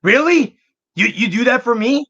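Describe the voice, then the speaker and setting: A man putting on the voice of a tearful, grateful young woman friend, excited and pleading. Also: high-pitched, normal speed, highs cut off, pitched above the performer's own voice, full character voice. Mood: overjoyed.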